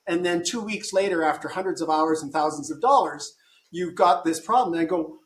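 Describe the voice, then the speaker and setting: A man's voice: on the high side, echoey room. A man talking as a guest in a casual conversation. He thinks aloud and often restarts his sentences.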